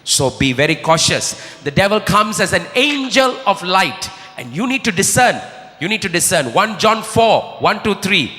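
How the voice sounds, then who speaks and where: A long, hall-like reverb surrounds this man's impassioned sermon. His voice is high and very bright, with lively intonation and a moderate pace, and he alternates between murmuring prayers and shouting for emphasis.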